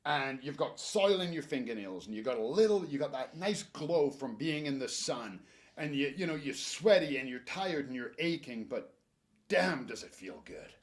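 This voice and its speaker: A man's voice: medium pitch, moderate pace. A man who works at a garden store giving casual, joking gardening advice. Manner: chatty, joking, animated advice. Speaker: garden center staff presenter.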